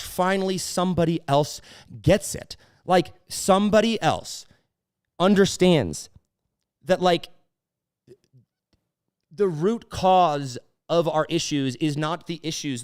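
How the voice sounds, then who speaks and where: A man in his thirties telling a story in a casual monologue, animated and emphatic, with many fillers and restarts. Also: a little high.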